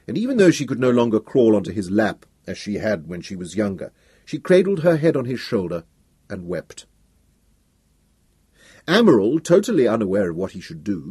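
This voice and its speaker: A man reading a novel aloud as narrator, measured and expressive. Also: fairly low pitch, slightly rough, no echo. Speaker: audiobook narrator. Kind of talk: scripted narration.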